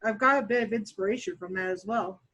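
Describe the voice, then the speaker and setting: A woman's voice: medium pitch, quick pace, a bit bright, husky, rough recording. A woman guest on a podcast, a dungeon master speaking candidly in casual chat with dry chuckles.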